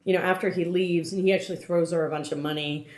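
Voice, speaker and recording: A woman's voice: on the low side, steady tone, fast talker. A woman podcast host recapping a film in casual chat, rambling with many fillers and restarts. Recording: roomy, echoey room.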